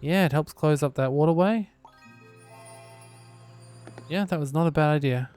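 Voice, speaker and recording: A man giving relaxed gameplay commentary, muttering to himself with dry, sarcastic asides. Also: on the high side, moderate pace, soft background music. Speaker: gaming YouTuber.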